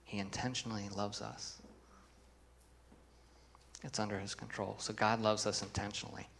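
A man's voice: on the low side, level tone, moderate pace, vocal fry, fairly bright tone, slight background noise. A man preaching a sermon as pastor, earnest, reading scripture with emphasis and putting questions to the congregation.

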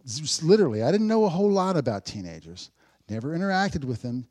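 Man preaching with wide loud-soft swings. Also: on the high side, big pitch swings, fast talker. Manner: conversational preaching with dry sarcasm, swings from loud to hushed. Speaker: pastor. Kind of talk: sermon.

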